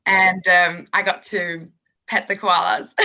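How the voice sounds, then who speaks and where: Young adult female singer, bright and giggly, chatty with fillers; dull lo-fi call sound. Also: lowish voice, steady tone, slow pace. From Sweden. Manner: giggly, lots of likes and fillers. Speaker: singer, interview guest. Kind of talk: casual video-call interview.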